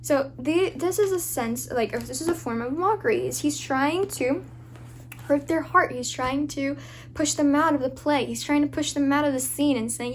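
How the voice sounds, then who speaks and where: A woman with a fairly high voice gives an earnest, informal devotional talk, often restarting her sentences and leaning on fillers. A faint hum sits underneath her voice. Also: moderate pace. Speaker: Christian devotional speaker.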